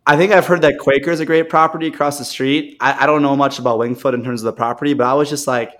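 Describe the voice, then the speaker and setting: A man's voice: mid-range voice, steady tone, quick pace, fairly bright tone. A man co-hosting a casual talk show, telling rambling stories and acting out the people in them. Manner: rambling storyteller, acts out quoted people. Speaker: podcast co-host. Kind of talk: casual chat.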